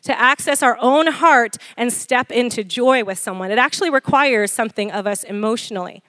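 A woman giving a casual, animated sermon as a preacher, acting out quoted lines and often asking the congregation "Amen?". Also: a little high, brisk, no room sound. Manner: frequent light laughter and call-and-response "Amen?". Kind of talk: conversational sermon.

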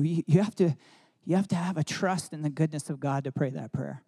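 A man's voice: a little high, brisk, creaky, hardly any pauses, warm tone, breathy edge. A man telling personal stories in a sermon, casual and rambling with many "like" fillers. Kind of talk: sermon storytelling.

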